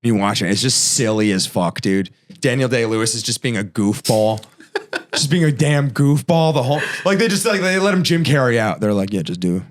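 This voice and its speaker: A man's voice: mid-range voice, lively intonation, normal speed. A man with a Philadelphia accent, ranting animatedly and profanely in casual comedy podcast chat, laughing often. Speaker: comedian guest.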